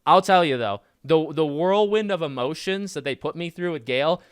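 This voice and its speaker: Male podcast host, smooth resonant tone, loose restart-heavy delivery, dead-dry close mic. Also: fairly high pitch, moderate pace, no echo. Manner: rambling, animated, frequent restarts and fillers. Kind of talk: casual film commentary.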